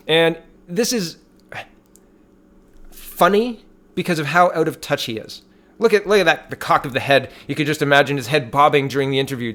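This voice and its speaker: A man's voice: on the high side, fairly bright tone. A man from Canada giving casual political commentary, reading articles off his screen and adding scornful, sarcastic asides.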